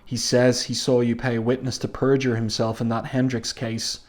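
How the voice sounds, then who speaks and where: A man reading aloud the lines of a gruff lawyer who is cold and dismissive, mostly in his own voice. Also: mid-range voice, level tone, moderate pace, natural voice. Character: gruff older male lawyer with an odd accent.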